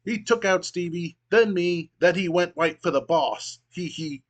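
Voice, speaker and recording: A man's voice: high voice, measured pace, voice pushed up. A man voicing a goofy male wrestling henchman who cackles and giggles manically. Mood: manic.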